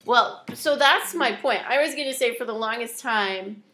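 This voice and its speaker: A woman's voice: fairly high pitch, normal speed, sharp tone. A middle-aged woman from Rhode Island co-hosting a podcast in casual chat, rambling and hesitant, often laughing. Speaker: podcast co-host, mother.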